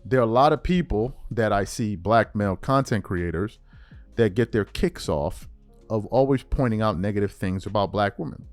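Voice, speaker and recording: A man's voice: on the low side, lively intonation, normal speed, dry recording, soft background music. A man hosting a sports commentary channel, delivering an emphatic, repetitive opinion rant straight at his viewers.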